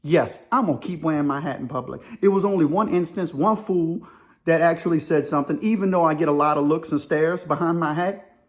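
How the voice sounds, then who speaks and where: A man tells a story in a casual, rambling monologue. His voice sits a touch high for a man. He talks in loose street slang and repeats himself as he goes. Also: a little fast. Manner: colloquial, rambling with repetitions. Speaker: vlogger.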